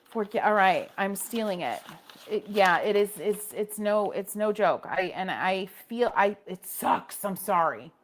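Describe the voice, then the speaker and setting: A woman's voice: medium pitch, a little slow. A woman hosting a casual painting livestream, chatting with viewers and reacting to their comments, often restarting her sentences.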